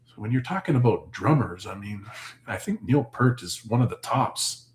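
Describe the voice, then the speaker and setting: A man's voice: fairly low pitch, animated, normal speed, reverberant. A man hosting his homestead channel, chatting casually and answering viewers' comments in a rambling, thinking-aloud way.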